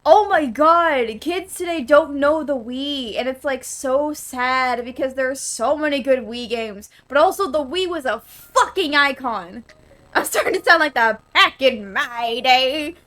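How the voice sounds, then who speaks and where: A woman's voice: sits high, unhurried, a bit bright. A young woman in her twenties rambling casually and profanely while streaming a game, laughing often. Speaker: VTuber streamer. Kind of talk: casual live-stream chat while gaming.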